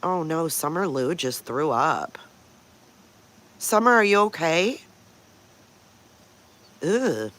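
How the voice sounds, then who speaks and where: A livestream host in easy morning chat, with a voice of middling pitch. The talk rambles from story to story and stops often to greet viewers by name. Every now and then the host breaks off to coo at pet dogs. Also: expressive, slow pace, pauses often, fairly bright tone. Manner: chatty, greets viewers by name between stories.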